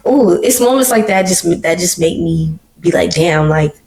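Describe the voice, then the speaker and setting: Woman podcast host, low-pitched voice, solo commentary, slangy and emotional. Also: lively intonation, normal speed, gravelly, darkish tone, rough recording. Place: living room.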